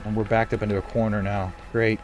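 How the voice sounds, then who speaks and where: A man doing let's play commentary on a horror game, excitable, repeating phrases over and over and swinging between low mutters and loud outbursts. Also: fast, music in the background. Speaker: gameplay commentator.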